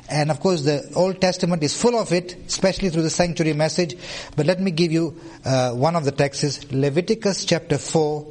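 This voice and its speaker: A man's voice: on the high side, darkish tone. A man preaching a sermon, citing scripture references and asking the congregation questions that he answers himself. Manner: reads out scripture references deliberately.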